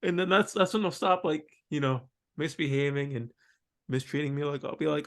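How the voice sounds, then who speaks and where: A man hosts a casual podcast conversation. His voice sits somewhat high for a man. He talks in a loose, halting way and circles back over his own words. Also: fairly even intonation, a bit bright. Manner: halting, loose storytelling with many repeated starts. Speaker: podcast host.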